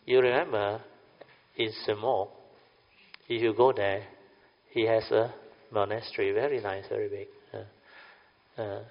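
Older man, Buddhist teacher, dharma talk, low voice, dull lo-fi sound, long hall reverb. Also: steady tone, unhurried, long pauses. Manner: chatty, keeps checking the audience with "huh?" and "understand or not?".

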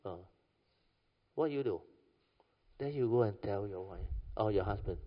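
A man's voice: on the low side, a little slow, long pauses. Malaysian man giving a chatty dharma talk. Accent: Malaysian English. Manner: conversational, keeps asking "understand or not?". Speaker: Buddhist dharma speaker. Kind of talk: informal dharma talk with stories. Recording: echoey hall, dull lo-fi sound.

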